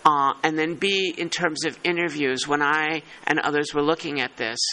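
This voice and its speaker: Bright-voiced man chairing a meeting. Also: a little high, steady tone, normal speed, rough recording. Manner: thinking aloud, self-deprecating. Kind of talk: working-group meeting discussion.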